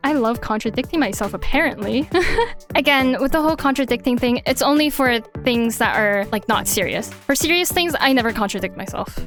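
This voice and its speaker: A woman's voice: a little high, expressive, a little fast. A woman introducing herself to viewers in a casual, rambling way, giggling and correcting herself as she goes. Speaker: VTuber debuting her channel. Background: soft background music.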